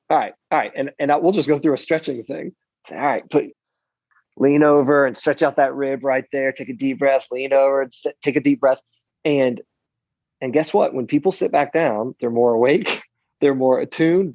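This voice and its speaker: A man with a gravelly, fry-tinged voice talks through his advice in a loose, animated way, often restarting his sentences. His tone is self-deprecating and conversational. The recording is dry and a little dull. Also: mid-range voice, no room sound. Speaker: speaker and preacher. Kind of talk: conversational interview answers.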